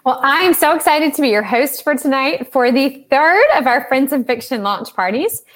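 High lively Southern woman hosting. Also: normal speed. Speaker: host. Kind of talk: casual online book show hosting.

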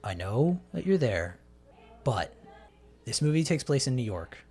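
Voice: medium pitch, very animated, unhurried, darkish tone, husky, faint music behind. A podcast host chatting casually about a film, laid-back and opinionated, with frequent ums.

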